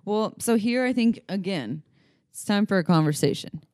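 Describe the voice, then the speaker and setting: A woman's voice: mid-range voice, lively intonation, moderate pace, warm tone, no echo, clean studio sound. A woman co-hosting a podcast, giving frank, conversational advice in a coaching tone. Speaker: podcast co-host. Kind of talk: casual chat giving sex advice.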